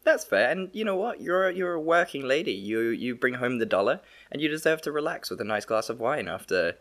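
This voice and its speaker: A British man trading jokes in a relaxed podcast chat. His delivery is sarcastic and loose, with casual swearing and an easy, mid-range voice. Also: mid-range voice, brisk. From United Kingdom. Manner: joking, sarcastic, swears freely. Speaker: podcast co-host.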